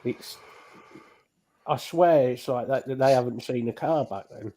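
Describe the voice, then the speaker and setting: A man's voice: medium pitch, measured pace, warm tone. A man chatting casually on a live stream, blunt and sweary. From London. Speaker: podcast co-host.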